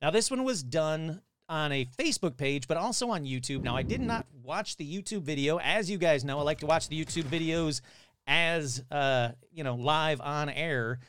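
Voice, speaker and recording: A man hosting a casual podcast, chatty and reacting aloud as he watches clips, his voice hoarse and cutting in and out. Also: a little high, expressive, moderate pace, fairly bright tone, slight background noise. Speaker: podcast host.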